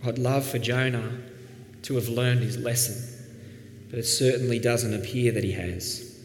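A man preaching a sermon as pastor, earnest, dropping soft and then rising with emphasis. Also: mid-range voice, fairly even intonation, normal speed. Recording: echoey hall, faint background noise.

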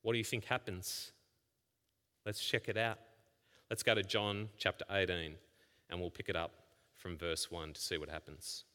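Bright-voiced male preacher in a reverberant hall. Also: deep voice, flat delivery, normal speed, long pauses. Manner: rhetorical questions, swings from hushed scripture reading to loud emphasis. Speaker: pastor. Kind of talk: sermon.

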